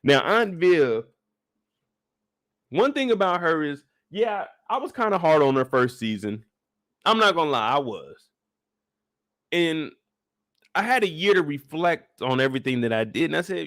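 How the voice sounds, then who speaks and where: A man's voice: on the high side, animated, normal speed, a bit bright. A young man casually recapping a TV episode in laid-back, slangy talk, laughing easily. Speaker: show recap YouTuber.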